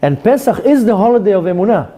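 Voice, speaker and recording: With a voice that sits high and moves fast, a rabbi leads a live Torah class. He stays animated throughout, acting out short dialogues.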